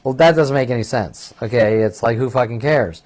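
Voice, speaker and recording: A man's voice: mid-range voice, a little fast, darkish tone. A man in his fifties delivering an agitated, profane, rambling monologue that keeps circling back on itself. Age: 50s. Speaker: vlogger.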